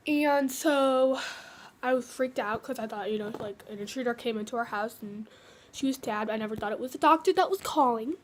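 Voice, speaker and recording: A woman's voice: a little high, fairly quick, slight background noise. A teenage girl telling her own cancer story in a hesitant, casual way, full of fillers and restarts.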